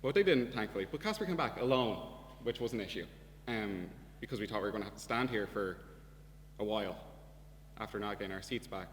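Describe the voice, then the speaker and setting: A young Irish man telling a comic story in a profane, deadpan way as a student debate speaker in a debating chamber. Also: on the low side, fairly quick. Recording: reverberant hall with faint hum.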